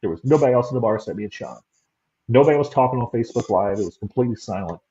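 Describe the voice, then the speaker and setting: A man at an everyday middle pitch tells a paranormal story in a loose, rambling way, doubling back on his words. The audio is dull and lo-fi. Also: animated, very fast, dark tone. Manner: rambling, repeats words as he recounts. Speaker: paranormal investigator guest. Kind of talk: casual storytelling chat.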